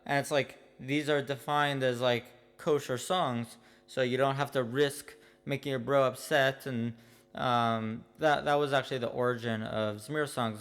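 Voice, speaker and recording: A man telling a comic personal story in a deadpan, mock-earnest way. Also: medium pitch, clean tone, big-room sound. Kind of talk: comedic personal monologue.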